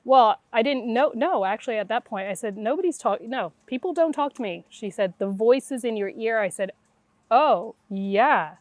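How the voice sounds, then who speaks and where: Her pitch is fairly high and her speed normal, in a dry recording. This middle-aged guest intuitive recounts her story in conversation, animatedly performing the voices of the people she quotes.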